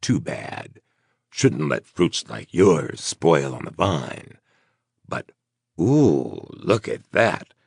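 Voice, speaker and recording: A cruel, mocking gunman drawls his taunts, as a male narrator voices him. The voice is very deep and gravelly with a husky edge. Lines come slow and sneering, rising and falling as he toys with his victims. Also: very animated, no room sound, clean studio sound, heavily acted.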